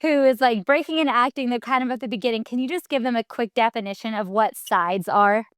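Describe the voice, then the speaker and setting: A woman hosts an interview podcast, reacting eagerly and asking questions. Her voice sits on the high side and is smooth and clear. The recording is close and dry. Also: quick pace, dry recording. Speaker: podcast host. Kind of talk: casual interview. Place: podcast studio.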